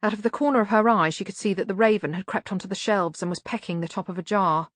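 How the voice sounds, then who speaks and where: A woman reading an audiobook in measured, even narration. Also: medium pitch, dry recording.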